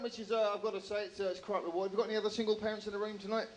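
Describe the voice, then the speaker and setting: An English man in his thirties does stand-up with a dry, self-mocking delivery. He talks slowly and deliberately, his voice sitting a little high for a man. Faint room noise from the venue sits under his voice. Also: crowd noise. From England. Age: 30s. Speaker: stand-up comedian. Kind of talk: stand-up comedy set. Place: comedy club stage with a live audience.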